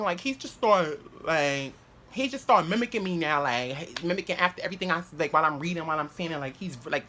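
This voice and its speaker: A man's voice: high voice, a bit bright, slight background noise. Rambling young man telling a story. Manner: rambling, with frequent "like" fillers, restarts and swearing. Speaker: vlogger. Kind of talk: casual storytelling to camera.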